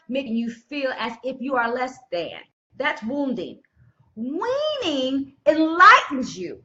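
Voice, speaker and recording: A woman speaker delivers an inspirational talk over a live stream, preachy and fond of repeating her points. Her voice sits high and swings widely in pitch. The sound is dull and lo-fi. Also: sharp tone. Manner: preachy, repeats key phrases, greets viewers by name. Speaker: motivational speaker.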